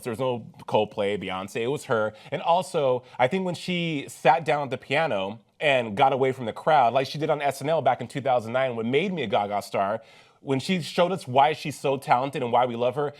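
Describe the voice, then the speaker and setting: A man co-hosting a pop culture talk show, chatting casually and emphatically, often restarting his sentences. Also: mid-range voice. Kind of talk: casual chat.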